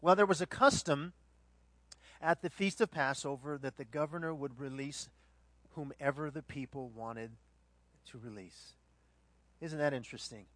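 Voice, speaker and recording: A man preaching a sermon, moving between hushed reflection and loud, dramatic retelling of the scene. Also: medium pitch, normal speed, pauses often, no room sound. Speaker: pastor.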